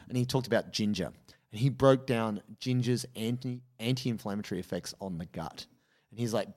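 A man, co-hosting a podcast in casual chat and telling an animated story, acting out the voices of the people in it. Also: on the low side, fairly quick. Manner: animated storyteller, acts out quoted dialogue. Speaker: podcast co-host.

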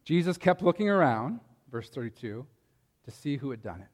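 A man's voice: medium pitch, sing-song, normal speed, long reverb tail. A man preaching a sermon, talking in a conversational way and asking his listeners rhetorical questions. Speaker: pastor.

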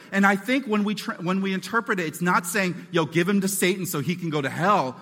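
A man preaching a sermon as pastor, animated and acting out voices and quotes as he teaches. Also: high-pitched, brisk, few pauses, in a large hall.

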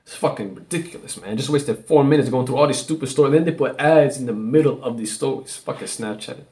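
A man's voice: medium pitch, fast, warm tone. Casual, cursing male podcast host. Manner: loose and profane, with many "like" fillers. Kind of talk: casual solo podcast rant.

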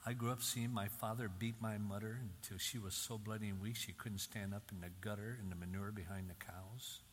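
Older guy preaching, low voice, repeats his points harder each time, big echoey hall with faint room noise. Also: fairly even intonation, a little fast. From Michigan, US. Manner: emphatic, repeating key phrases with rising intensity. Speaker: Christian speaker. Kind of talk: sermon-style talk to an audience. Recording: reverberant hall, faint ambience.

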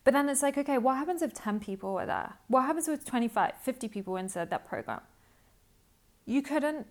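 Chatty upbeat woman podcaster. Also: on the high side. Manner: chatty, upbeat, acts out inner thoughts. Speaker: podcast host and business coach. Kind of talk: casual solo podcast monologue.

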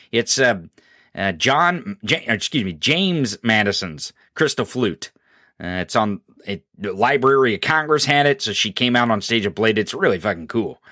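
A man's voice: mid-range voice, pushed and bright, no room sound, clean studio sound. A man hosting a live political podcast, ranting profanely and sarcastically about the news. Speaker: podcast host.

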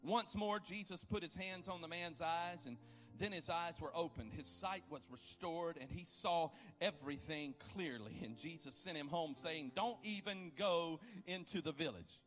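A man preaching a sermon, building to loud impassioned peaks and dropping to low, quiet questions. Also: moderate pace, faint music behind. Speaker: pastor.

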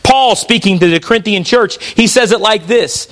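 A man's voice: high voice, moderate pace, few pauses, fairly bright tone. A man preaching a sermon, reading scripture passages aloud with emphasis.

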